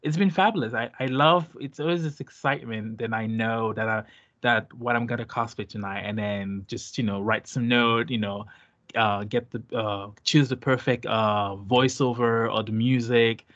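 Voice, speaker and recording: A man's voice: mid-range voice, steady tone, normal speed, a bit bright, muffled recording. A man from Haiti with a light Haitian Creole accent, a guest talking casually and hesitantly with many fillers and restarts. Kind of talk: casual interview chat.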